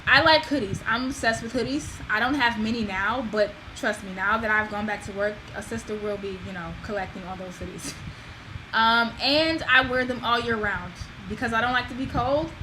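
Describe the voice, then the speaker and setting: A woman vlogger talking casually to the camera, animated and emphatic, with self-deprecating asides. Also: a little high, normal speed, background noise.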